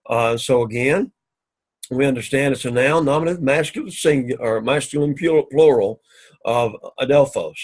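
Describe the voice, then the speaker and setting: A man teaching an introductory Greek class, explaining line by line and sounding out Greek words slowly and carefully. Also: medium pitch, rough recording. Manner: methodical, repeats "so again", slow careful Greek pronunciation. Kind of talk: recorded class lecture.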